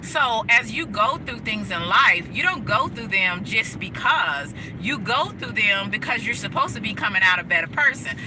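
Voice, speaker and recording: A woman's voice: mid-range voice, animated, normal speed, few pauses, noisy background. An outspoken woman, chatting to her livestream viewers while she drives. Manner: outspoken, emphatic, talks to her chat. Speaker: livestream host. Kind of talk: casual motivational livestream chat. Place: inside a car while driving.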